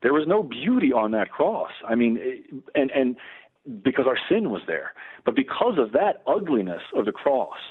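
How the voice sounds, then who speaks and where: A man's voice: medium pitch, very animated, husky. A middle-aged man, a Lutheran campus pastor, talking earnestly as a radio guest, often restarting his sentences. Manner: earnest, halting with many restarts. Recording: tinny phone line.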